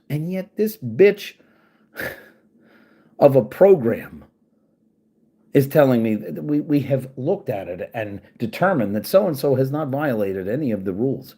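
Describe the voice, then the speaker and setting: A man with a husky, slightly rough voice rants to his own audience, swearing freely and turning sarcastic. His pitch swings widely as he talks, rising sharply when he gets angry. He mutters asides while working at a computer. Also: expressive, unhurried, pauses often, warm tone. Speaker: channel host. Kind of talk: casual rant to camera.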